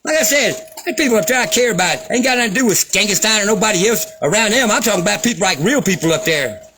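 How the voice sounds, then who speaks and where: A man's voice: high-pitched, lively intonation, fast talker, over music. A man delivering an angry, profane, sarcastic rant as a vlogger. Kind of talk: angry ranting commentary.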